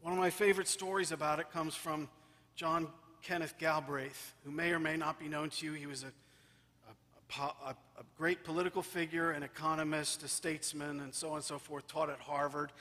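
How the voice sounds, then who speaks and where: A man preaching from the pulpit with a high, bright, forceful voice. He drives his points home by repeating phrases. A long church reverb trails behind every line. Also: steady tone, a little fast. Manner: emphatic, repeating phrases for rhythm. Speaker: priest. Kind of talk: sermon.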